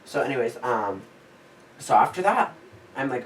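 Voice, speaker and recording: A man in his twenties, a podcast host, telling a story in a casual, animated way, full of fillers and acted-out quotes. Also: medium pitch, normal speed, distant mic, rough recording. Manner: animated, filler-heavy, acts out quoted lines.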